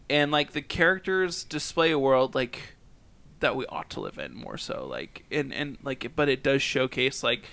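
Young guy hosting a podcast, kinda rambly, raspy edge, bright tone. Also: medium pitch. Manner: rambling, lots of fillers and restarts. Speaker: podcast host. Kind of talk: casual podcast chat.

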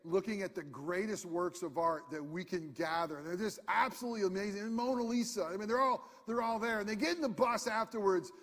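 A man preaching a sermon in a lively, conversational way with self-deprecating humor, speaking to a congregation in a church. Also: sits high, a little fast, few pauses. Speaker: pastor. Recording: hall reverb.

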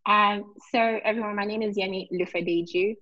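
A woman from Nigeria, a guest on a video call, who talks in a warm, animated way and laughs easily. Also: mid-range voice, fairly quick, no echo. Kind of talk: casual video-call interview. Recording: dry, slightly dull audio.

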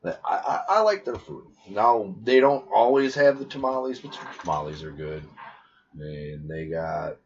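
A man co-hosting a casual podcast, making wisecracks and riffing on jokes, often trailing off quietly. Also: on the low side, sing-song, normal speed, dull audio, a little hiss or hum. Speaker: podcast co-host. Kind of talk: casual joking banter.

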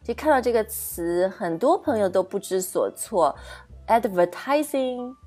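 A woman's voice: mid-range voice, lively intonation, normal speed, darkish tone, breathy edge. A woman co-hosts a bilingual podcast lesson. She explains pronunciation patiently and keeps checking that listeners follow. Faint music sits under her voice. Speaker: English pronunciation teacher, co-host.

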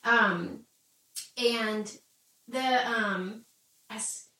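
A woman's voice: fairly high pitch, extremely slow, sharp tone, far from the mic. Chatty woman in an echoey room. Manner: chatty, laughs often, many "like"s. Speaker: Bible study co-host. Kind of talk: casual Bible discussion. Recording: echoey room, off-mic, faint noise.

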